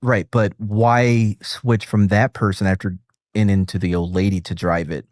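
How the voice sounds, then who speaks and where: A male podcast host in casual reaction chat, talking in an animated, sarcastic, excitable way. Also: lowish voice, normal speed, dry recording, clean studio sound.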